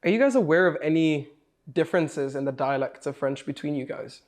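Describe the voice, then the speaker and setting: A man's voice: on the high side, lively intonation, fairly quick, darkish tone. A young man hosting a casual interview, upbeat and chatty. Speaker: host.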